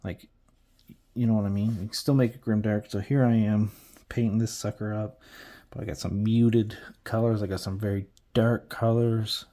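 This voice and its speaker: Low, mellow-voiced man rambling casually. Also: steady tone, moderate pace. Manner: rambling, chatty, trails off and restarts, playful. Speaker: hobby miniature painter, channel host. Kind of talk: casual rambling while painting.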